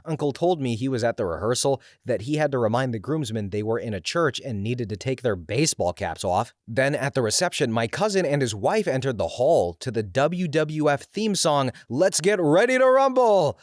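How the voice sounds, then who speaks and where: A man narrating scripted stories in an expressive, animated way. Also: medium pitch, normal speed, hardly any pauses, no room sound, clean studio sound. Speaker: story reader.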